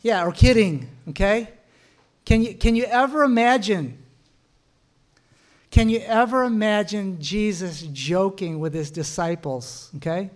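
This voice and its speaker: Lively middle-aged man teaching and telling stories. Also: sits high. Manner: storytelling with quick laughs, punchy asides. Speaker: Christian marriage teacher. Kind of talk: sermon-like teaching talk.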